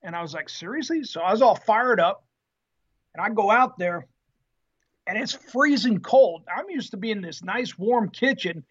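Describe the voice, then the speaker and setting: Husky man telling a lively war story. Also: high-pitched, moderate pace, highs cut off. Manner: animated, acts out quotes, salty language. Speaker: guest, former Marine tank driver. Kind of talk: storytelling in an interview.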